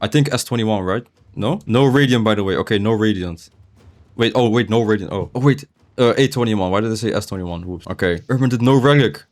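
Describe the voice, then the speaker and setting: A man's voice: on the low side, a little fast. A young man chatting casually while gaming, rambling with many restarts and filler words, his speech slightly unclear. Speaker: gaming streamer. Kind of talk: casual gameplay commentary. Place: his room, seated in a chair.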